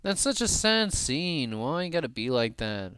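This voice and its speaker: Smooth-voiced man gushing over a show. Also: on the high side, big pitch swings, moderate pace, a bit bright, no room sound. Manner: emotional, gasping and laughing often. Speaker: fan commentator. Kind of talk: excited reaction commentary.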